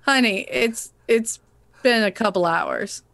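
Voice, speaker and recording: A woman's voice: on the high side, takes it slowly, fairly bright tone. A woman voicing an exasperated female vampire hostess who scolds and calls people darling and sugar. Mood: teasing. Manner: endearments, scolding and teasing.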